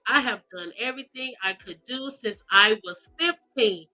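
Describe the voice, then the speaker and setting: A woman's voice: a little high, normal speed, faint music behind, poor audio. A woman hosting a gossip commentary show, reading celebrity posts aloud and reacting with sass, mock cries and drawled asides. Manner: animated, sassy, mock-crying, drawling asides. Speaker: commentary host.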